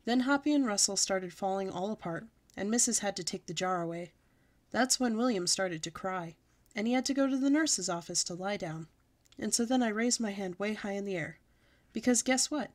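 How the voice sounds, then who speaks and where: A woman reads a children's book aloud at storytime in a middle-pitched voice. She tells it in a lively, childlike first person. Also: moderate pace. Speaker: storytime reader.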